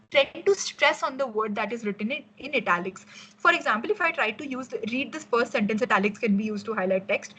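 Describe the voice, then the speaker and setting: A woman's voice: fairly high pitch, a bit bright, breathy edge, poor audio. A young woman with an Indian English accent, giving a casual workshop lecture on design as a mentor, explaining with frequent fillers and restarts.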